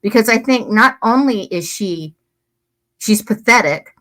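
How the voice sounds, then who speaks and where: A woman's voice: mid-range voice, animated, a little slow, fairly bright tone. A woman giving casual, blunt commentary, swearing and getting heated as she reads emails to viewers at a close desk microphone. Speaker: true crime commentator.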